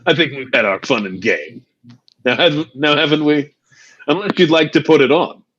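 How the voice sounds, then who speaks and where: A man's voice: on the high side, moderate pace, fairly bright tone, slight background noise, natural voice. Man playing a dry, guarded adventurer. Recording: dull lo-fi mic.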